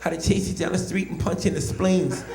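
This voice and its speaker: A man impersonating a famous boxer with a soft, high, lisping voice and a quiet, menacing undertone. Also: fast talker, echoey room, low-quality recording. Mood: soft menace.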